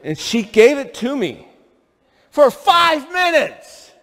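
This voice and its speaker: A male pastor from upstate New York preaches a sermon in a church sanctuary, his high voice animated yet slow-paced. He tells stories animatedly and poses rhetorical questions to the congregation, with a long church hall reverb in the recording.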